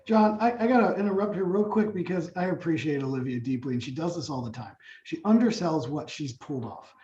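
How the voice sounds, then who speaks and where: A man in his thirties, a nonprofit president and CEO, telling animated stories with lots of fillers on a webinar panel. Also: on the high side, brisk. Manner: animated storytelling with many fillers. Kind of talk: casual webinar panel talk. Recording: echoey muffled call audio.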